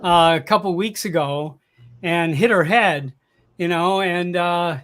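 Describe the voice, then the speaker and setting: A man on a casual group show, telling a joke with a slow, deadpan setup. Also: high-pitched.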